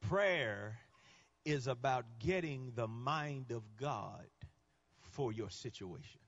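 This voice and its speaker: A male guest preacher delivering a sermon, swinging between quiet teaching and shouted climaxes. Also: medium pitch, lively intonation, slow, dull audio.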